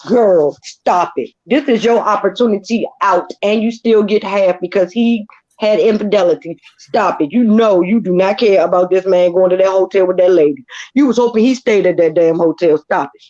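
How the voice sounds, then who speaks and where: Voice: medium pitch, moderate pace, darkish tone, highs cut off. A co-host in a casual recap chat, blunt and emphatic with strong opinions.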